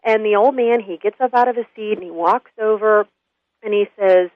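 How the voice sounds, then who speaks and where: A woman guest telling a story in an earnest, animated interview. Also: medium pitch, moderate pace, no room sound. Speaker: guest, school consultant. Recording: dull lo-fi radio audio.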